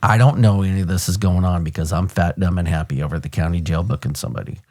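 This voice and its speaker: Deep-voiced American man telling a police story. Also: fast. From United States. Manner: animated, blunt, swears casually, acts out sounds. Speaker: podcast host, retired police officer. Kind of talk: conversational storytelling.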